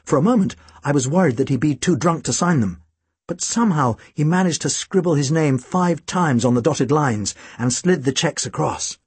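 A man's voice: on the high side, lively intonation, moderate pace, darkish tone, slightly rough, no room sound. A man reading an audiobook, narrating in a dry, wry storytelling manner. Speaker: audiobook reader.

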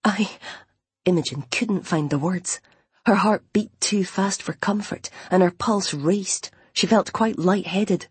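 Husky-voiced woman narrating a novel. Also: on the low side, measured pace, dry recording. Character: Imogen, determined young blind woman wanting a baby. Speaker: audiobook narrator.

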